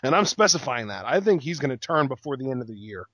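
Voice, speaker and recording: Excitable man in dry podcast chat. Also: medium pitch, fast talker, no echo. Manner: excitable, talks in bursts with restarts. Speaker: wrestling podcast co-host. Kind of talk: casual recap chat.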